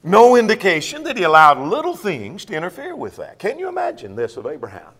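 A man's voice: sits high, huge pitch swings, a little fast, fairly bright tone, in a large hall. A man preaching a sermon, firing questions at the congregation and acting out the excuses people make. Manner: questioning, emphatic, acts out quoted excuses.

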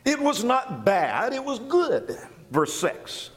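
A man preaching an expository sermon, walking through verses with emphatic, animated delivery. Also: very high voice, takes it slowly, in a large hall. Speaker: pastor.

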